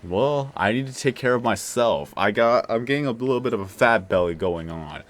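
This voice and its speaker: A man hosting a casual late-night livestream, talking in a relaxed, rambling way. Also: medium pitch, moderate pace. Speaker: livestream host.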